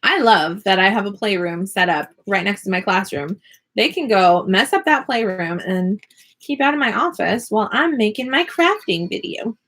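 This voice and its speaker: A woman vlogging from her home classroom, chatting casually and upbeat with quick laughs while she crafts. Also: medium pitch, expressive, fairly bright tone. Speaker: vlogger and online teacher.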